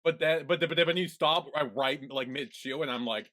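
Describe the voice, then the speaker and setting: A man co-hosting a casual podcast recaps scenes in a chatty storytelling style. His voice is fairly high, fairly quick, pushed and bright.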